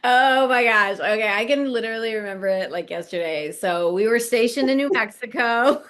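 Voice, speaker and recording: A woman's voice: fairly high pitch, moderate pace. A middle-aged woman from Nebraska, co-hosting a podcast and telling a story casually, acting out quoted lines and laughing often. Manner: animated, laughs often, acts out quoted dialogue. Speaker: podcast co-host, business coach.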